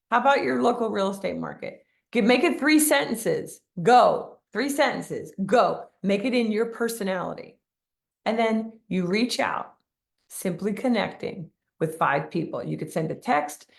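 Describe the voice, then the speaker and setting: Emphatic woman coach with a gravelly edge. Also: mid-range voice. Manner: emphatic, repeats key phrases, asks for comments. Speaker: real estate business coach. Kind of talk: live-streamed motivational coaching.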